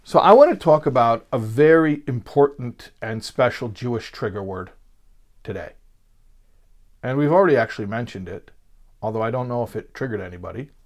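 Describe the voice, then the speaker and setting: A man's voice: medium pitch, expressive, moderate pace. Man giving a conversational Torah lesson. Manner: conversational, with many fillers and restarts. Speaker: Torah teacher. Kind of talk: spoken lecture.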